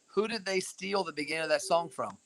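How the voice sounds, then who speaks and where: Bright-voiced young man teasing his dad. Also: fairly high pitch, fairly quick, gravelly. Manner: teasing, playful. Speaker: host. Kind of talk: casual live-stream chat. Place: hammock on a back porch outdoors. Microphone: phone camera.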